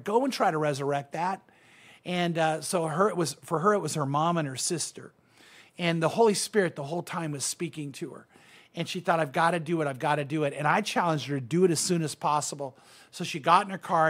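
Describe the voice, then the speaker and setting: A man with a high-pitched voice preaches to his congregation. He talks earnestly and with emphasis, and he often stumbles and restarts mid-sentence with fillers. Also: fairly bright tone. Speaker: pastor. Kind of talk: sermon.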